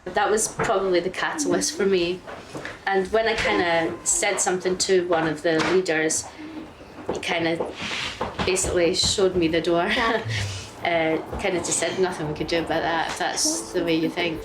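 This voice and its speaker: A woman's voice: on the low side, steady tone, moderate pace, music in the background, rough recording. A woman in an interview, speaking earnestly and hesitantly. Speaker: mother interviewed.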